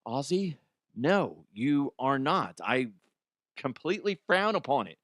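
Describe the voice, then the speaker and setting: A man's voice: medium pitch, very animated, measured pace, a bit bright, dry recording, clean studio sound. A man hosting a comedy podcast, rambling loosely and laughing between bits. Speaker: podcast host. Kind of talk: casual comedy monologue.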